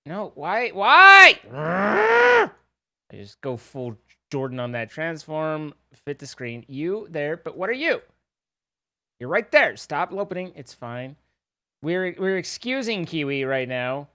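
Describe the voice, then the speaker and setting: Live streamer, casual playful banter with chat; animated delivery, dry sound. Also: mid-range voice, takes it slowly, dry recording. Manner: rambling, animated.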